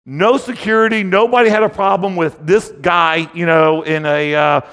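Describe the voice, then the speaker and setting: A man's voice: high-pitched, fairly even intonation, moderate pace, fairly bright tone, clear, resonant tone. A man giving a casual, joking storytelling talk at a conference, rambling and full of filler phrases. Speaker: conference speaker. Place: conference hall stage. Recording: long reverb of a conference hall.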